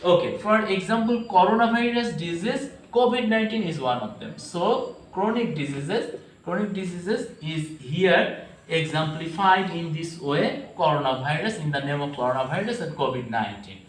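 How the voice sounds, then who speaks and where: A male teacher giving a grammar lecture to his students, pausing often and repeating phrases as he explains. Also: a little high, lively intonation, slight background noise. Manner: hesitant, many pauses and repeated phrases; addresses listeners fondly as students. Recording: echoey room, mic at a distance.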